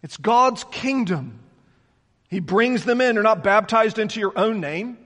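A male pastor delivers an earnest sermon, unpacking scripture for his congregation. His voice sits high for a man, and a long reverb trails each phrase through the church sanctuary. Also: lively intonation, unhurried, a bit bright. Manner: preaching, explaining scripture in earnest.

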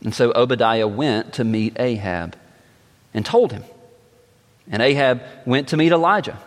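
A man reading scripture aloud in a measured, slow way with dramatic pauses. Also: medium pitch, lively intonation. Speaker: scripture reader. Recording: long echoing reverb.

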